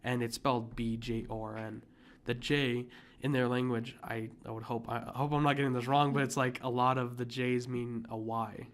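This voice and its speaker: A man's voice: medium pitch, flat delivery, normal speed, hardly any pauses. A young man hosting a podcast, chatting casually and rambling with many fillers. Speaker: podcast host. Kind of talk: casual chat.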